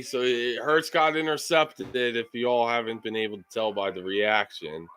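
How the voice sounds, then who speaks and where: A man's voice: medium pitch, normal speed, few pauses, fairly bright tone. A man live streaming a football game, ranting and swearing in frustration at his team's play.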